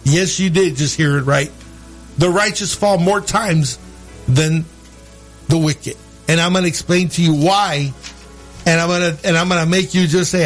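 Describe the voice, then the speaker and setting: A pastor delivers a bilingual sermon, switching between English and Spanish, calling his listeners brother and shouting out "hermano" and "amen." His voice sits high and moves at a measured pace, rising into shouted, sing-song cadences, with faint music behind him.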